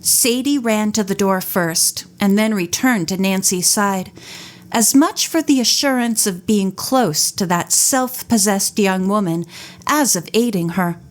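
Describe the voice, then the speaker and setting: A woman reading an audiobook in a measured, careful style. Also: mid-range voice. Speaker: audiobook narrator. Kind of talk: audiobook narration.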